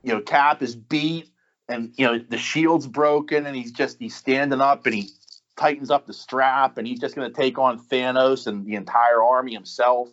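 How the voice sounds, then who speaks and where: A man's voice: mid-range voice, steady tone, moderate pace, fairly bright tone, lo-fi sound. A man, a podcast guest, talking casually and enthusiastically with many restarts and fillers. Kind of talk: casual chat.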